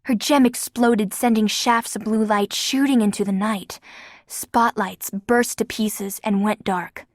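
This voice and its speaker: A woman's voice: mid-range voice, fairly even intonation, measured pace, no room sound, studio quality. A woman narrating an audiobook with a vivid, dramatic reading. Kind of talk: scripted narration.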